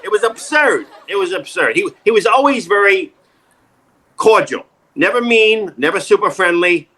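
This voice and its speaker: A middle-aged man with a New York accent, telling jokey stories in a casual interview, animated and wisecracking. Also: high-pitched, moderate pace, a little hiss or hum. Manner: animated, wisecracking, jumps into quoted voices. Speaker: actor and comedian, interview guest. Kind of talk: casual interview, joking storytelling.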